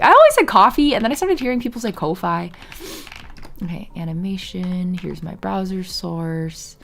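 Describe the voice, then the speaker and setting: Hoarse, creaky-voiced woman streamer. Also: fairly low pitch, very animated, normal speed. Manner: rambling, laughs often, talks to chat. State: hoarse, half lost voice. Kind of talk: casual live-stream chat.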